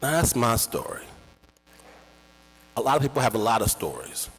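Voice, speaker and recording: A man telling a dramatic, emotional personal story at a slow pace at a live event. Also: medium pitch, big pitch swings, a little hiss or hum. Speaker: storyteller and podcast host. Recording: reverberant hall.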